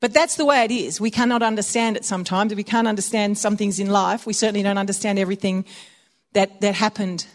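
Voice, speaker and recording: A woman preaching a conversational sermon, telling personal stories and laughing often. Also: medium pitch.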